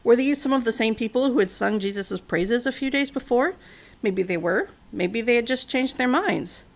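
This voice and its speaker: Woman, casual Bible story retelling, fairly high voice, very lively pitch, wry chatty asides. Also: moderate pace, vocal fry.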